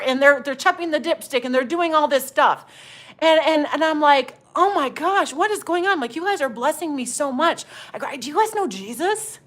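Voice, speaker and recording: A middle-aged woman minister telling a lively faith testimony and prophesying over listeners, calling them honey. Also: sits high. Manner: animated storytelling, exclamatory, addresses listeners as honey.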